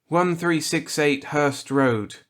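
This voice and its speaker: A man voicing a panicked middle-aged shopkeeper, pleading and shouting in desperation. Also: on the high side, takes it slowly, pitched above the performer's own voice. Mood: shaken.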